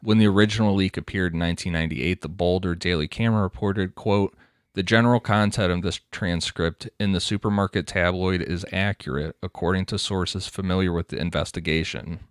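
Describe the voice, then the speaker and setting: A man's voice: sits low, fairly even intonation, a little fast, no echo, studio quality. A man co-hosting a casual podcast, reading quotes and notes from his research aloud between chat. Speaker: podcast co-host.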